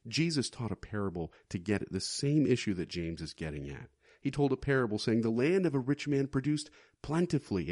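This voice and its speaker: A male preacher with a lowish voice that swoops up and down with great energy as he drives home each point. He keeps throwing rhetorical questions at his listeners. The sound is close and dry, with no room echo. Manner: animated, emphatic, asks rhetorical questions. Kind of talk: sermon.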